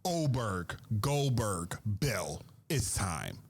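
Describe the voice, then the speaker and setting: A man co-hosting a casual wrestling podcast, animated and quick to laugh, often trailing off and restarting his sentences. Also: fairly low pitch, slight background noise. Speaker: podcast co-host.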